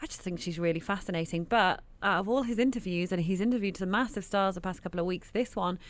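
A woman hosting a daytime radio show, chatting in an animated way. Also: on the low side, quick pace. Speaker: radio host. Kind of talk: casual radio chat.

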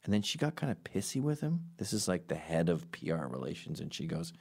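A comedian doing a rambling, sarcastic comedic monologue with deadpan asides, jumping into loud, high voices for the people he quotes. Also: brisk, few pauses, husky.

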